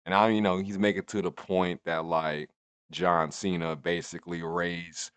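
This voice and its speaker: A man's voice: low-pitched, flat delivery, normal speed, a bit bright, clear, resonant tone, no echo. A man in his twenties giving a rambling, profane, casual recap of a wrestling show. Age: 20s. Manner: rambling, profane, laid-back.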